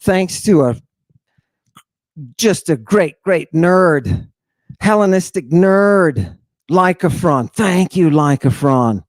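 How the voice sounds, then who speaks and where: A man with a fairly high voice lectures in a slow, drawn-out way. He is dramatic, fires off rhetorical questions and sinks to near-whispers. The sound is dry and close, with no room around it. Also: lively intonation, no room sound. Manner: dramatic, rhetorical questions, sudden hushed drops. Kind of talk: theatrical lecture on ancient texts.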